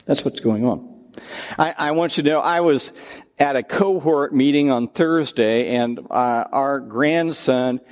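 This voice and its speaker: An older man preaching a sermon as pastor, in a conversational, animated delivery with personal asides. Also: medium pitch, big-room sound.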